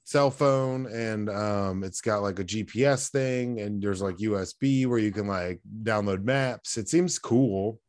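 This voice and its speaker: A male podcast co-host with a lowish voice, chatting loosely. He rambles, swears freely and fills his sentences with "like" and "um." The sound is dry and close to the mic. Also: unhurried, hardly any pauses, darkish tone, dry recording. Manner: rambling, slangy, swears freely, lots of fillers. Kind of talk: casual chat.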